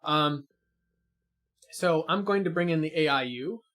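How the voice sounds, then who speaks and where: A man's voice: a little high, measured pace, fairly bright tone. A man co-hosting a gaming stream in casual chat, explaining character builds with many fillers and restarts.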